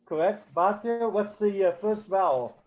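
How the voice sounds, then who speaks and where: A man teaching a beginner class over a video call, talking haltingly with many fillers and restarts. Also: sits high, lively intonation. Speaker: Hebrew teacher. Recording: dull lo-fi call audio.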